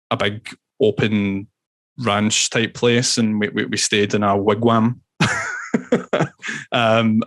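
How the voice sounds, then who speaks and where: A man, a musician as podcast guest, telling animated stories with swearing and laughs. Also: fairly low pitch, dry recording. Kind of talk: casual storytelling interview.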